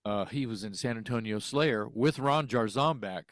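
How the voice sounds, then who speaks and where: A man's voice: lowish voice, moderate pace, no room sound, clean studio sound. A man who sings and teaches music, from Texas, telling a story in casual conversation, acting out phone calls and swearing freely. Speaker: interview guest, singer.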